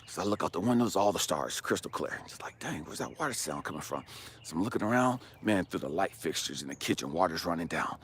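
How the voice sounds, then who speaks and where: A man who works as a life coach, telling an emotional personal story with passion. He swings between hushed and loud delivery and swears freely. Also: sits low, quick pace, hardly any pauses, a little hiss or hum.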